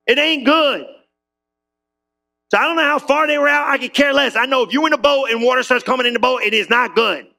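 High gravelly preacher man, bright voice. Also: fairly quick. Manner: animated, conversational preaching with asides to the congregation. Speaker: pastor. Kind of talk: sermon. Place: church.

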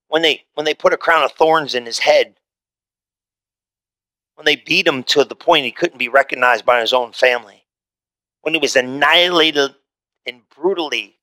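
Male pastor preaching, high bright voice, gets loud then drops way down quiet. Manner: preaching with dramatic swings from loud to hushed; repeats words while building to a point. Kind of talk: sermon.

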